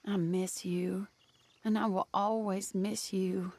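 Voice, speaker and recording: A woman acting a gentle, heartbroken woman who reads her farewell letter aloud in a tender, sorrowful, measured way for a video game. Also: medium pitch, little pitch movement.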